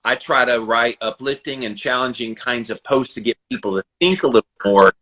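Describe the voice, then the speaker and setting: A man hosting a podcast interview, chatty and quick to laugh, asking long rambling questions. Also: medium pitch, a bit bright, low-quality recording. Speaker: podcast host.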